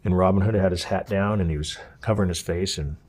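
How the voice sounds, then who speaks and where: Interview guest: a husky man with a lowish voice, spinning a blunt, animated tale. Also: fast. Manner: animated, blunt, swears freely. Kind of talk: casual storytelling.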